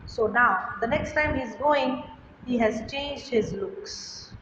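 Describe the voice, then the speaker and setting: A woman's voice: fairly high pitch, slow, noisy background. Woman teacher in an echoey hall. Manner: reads a line then paraphrases it simply. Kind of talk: reading a story and explaining it in a lesson. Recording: echoey hall, dull lo-fi sound.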